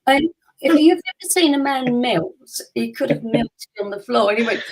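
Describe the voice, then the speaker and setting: A woman, a podcast co-host telling a personal story in casual chat. She tells it with lively energy, acting out quotes and laughing often. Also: fairly high pitch, normal speed, rough recording.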